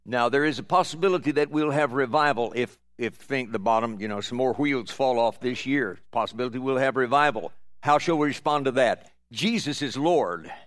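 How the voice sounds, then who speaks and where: A pastor closes a sermon in a calm, measured voice of middle pitch. He addresses the congregation steadily, and his voice sounds dry and close, with no room echo.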